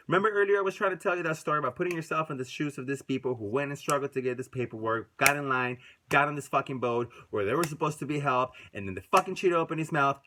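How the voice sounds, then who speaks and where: Man, angry casual commentary, lots of swearing, swings between loud and quiet. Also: mid-range voice. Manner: profane, ranting, swings loud and soft. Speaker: video commentator.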